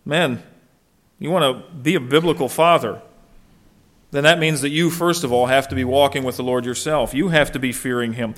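A man's voice: fairly high pitch, fairly bright tone. A middle-aged man preaching a sermon as a pastor, speaking earnestly and asking the congregation rhetorical questions.

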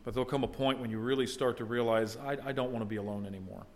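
A man's voice: medium pitch, fairly even intonation, racing, a little mellow, a little hiss or hum. A middle-aged man preaching a sermon in a conversational way, at times building to emphatic exclamations. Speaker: pastor.

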